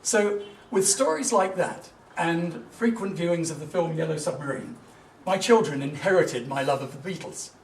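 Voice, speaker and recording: A man's voice: a little high, lively intonation, normal speed, gravelly, a little hiss or hum. Earnest middle-aged man, echoey distant talk. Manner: anecdotal storytelling, emphatic and earnest. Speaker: business speaker. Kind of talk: motivational public talk. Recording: echoey room, voice from a distance, faint ambience.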